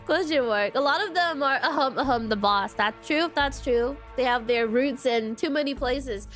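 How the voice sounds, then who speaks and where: A woman's voice: on the high side, expressive, unhurried, fairly bright tone, faint music behind. A young woman streaming a story game, commenting casually, exasperated and swearing often, saying "question mark" aloud.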